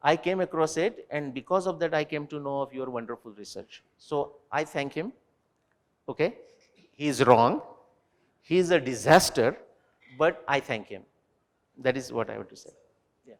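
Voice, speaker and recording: A man answering student questions at a university talk, animated and digressive, turning to quiz the audience directly. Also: a little high, moderate pace, pauses often, big-room sound. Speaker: invited speaker. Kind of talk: lecture Q&A with students. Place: university lecture hall.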